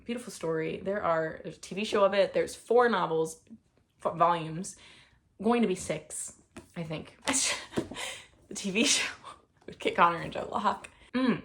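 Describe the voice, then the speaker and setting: A woman's voice: on the low side, fairly bright tone. A woman reviewing books in a casual, rambling chat, full of fillers and gushing enthusiasm. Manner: rambling, with many fillers and restarts. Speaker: book reviewer.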